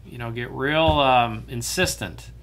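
Male pastor type, bright tone, relaxed teaching delivery full of ums and restarts. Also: medium pitch, unhurried. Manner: conversational, with many fillers and restarts. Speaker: pastor leading Bible study. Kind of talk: teaching a Bible study.

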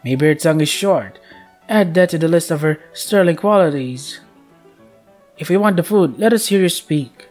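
Haughty noblewomen who taunt in high, sing-song sneers, put on by a man reading a game. Their mockery sits over soft game music. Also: normal speed, natural voice. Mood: haughty mocking. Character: cruel, mocking noble ladies at a party. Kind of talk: voicing a visual novel character.

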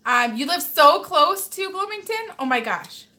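Bright, chatty mom hosting a stream. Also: female voice, very high voice, sing-song, measured pace. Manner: chatty, scolds her child between comments. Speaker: host and mother. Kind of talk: casual live-stream chat reading viewer comments.

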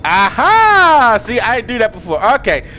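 A man giving casual let's play commentary, swinging from hushed muttering to yelling and talking to the game characters with slang and swearing. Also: very high voice, huge pitch swings, normal speed, soft background music. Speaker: gaming video creator.

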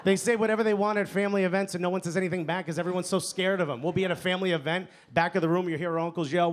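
A young man with a New York accent doing a stand-up set, playful, dropping his voice low and soft for punchlines. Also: steady tone, very fast, hardly any pauses. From New York area. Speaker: stand-up comedian. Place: comedy club stage with laughing audience. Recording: live club recording with crowd noise.

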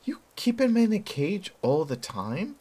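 An eager, bashful teenage boy, voiced by a man reading aloud, his voice leaping high and squeaky. He sounds shy and easily excited, with a lively, swinging pitch. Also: unhurried, breathy edge, exaggerated voice. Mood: amazed.

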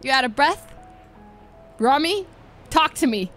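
A woman's voice: high-pitched, expressive, a little slow, fairly bright tone, faint music behind. A woman streamer talking in character during a roleplay game, playful and teasing, laughing often.

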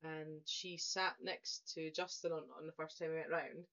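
A woman's voice: low voice, flat delivery, moderate pace, a bit bright. A woman co-hosting a podcast, chatting casually and telling stories with easy laughter. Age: adult, a mother. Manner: chatty storyteller, laughs easily. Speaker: podcast co-host presenting the episode. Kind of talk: casual chat. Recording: dull lo-fi podcast audio.

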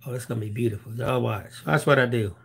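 A man's voice: medium pitch, fast talker, gravelly. A man co-hosting a live crafting stream, chatting while he works, playfully drawing out viewers' names. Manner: playful, drawls out viewers' names, sing-song.

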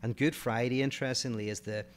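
A man's voice: mid-range voice, steady tone, fast. A man from Northern Ireland with a Northern Irish accent, co-hosting a casual podcast and talking through philosophical ideas in a thoughtful way, often restarting mid-phrase.

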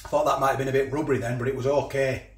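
A man's voice: mid-range voice, level tone, racing, roomy sound. A man casually reviewing a ready meal, chatting and eating as he talks, with cutlery clinking. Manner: chatty, eats while talking, repeats himself. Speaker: food reviewer.

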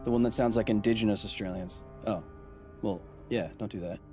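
A man with a fairly low voice chats loosely through a live game stream. He rambles and jokes with his viewers, with faint music running behind him. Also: brisk, a little mellow. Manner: rambling, joking, talking to chat. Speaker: streamer and science host. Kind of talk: casual live-stream gameplay chat.

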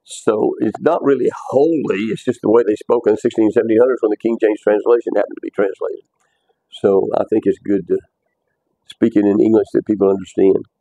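Male bible teacher in a classroom, mellow tone, dry sound, casual and repetitive. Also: mid-range voice, no echo, poor audio. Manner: conversational, repeats words, quizzes students.

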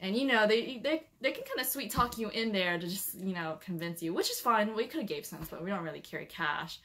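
Young female vlogger, everyday conversational delivery, rambly with fillers, mid-range pitch. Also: lively intonation, brisk, fairly bright tone, slight background noise. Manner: chatty, rambling with many "like" and "um" fillers, giving cautionary advice. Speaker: travel vlogger. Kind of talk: casual chat.

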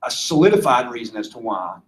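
A philosophy teacher with a Southern US accent from Georgia gives an informal, chatty lecture, quizzing the class and laughing often. His medium-pitched voice swings widely in pitch at a quick pace, and the audio quality is poor.

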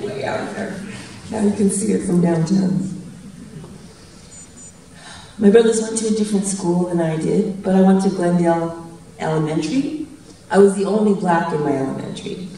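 A woman's voice: mid-range voice, mellow, a little hiss or hum. A woman in her fifties giving a chatty, anecdotal public talk as a guest speaker and laughing at her own jokes. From Canada. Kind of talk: public storytelling speech. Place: large event hall. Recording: very echoey hall from a distant mic.

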